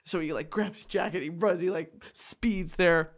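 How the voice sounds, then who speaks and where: A woman vlogger retelling a story casually, swearing freely, laughing and shouting at times. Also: lowish voice, normal speed. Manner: animated, profane, breaks into laughter and shouts.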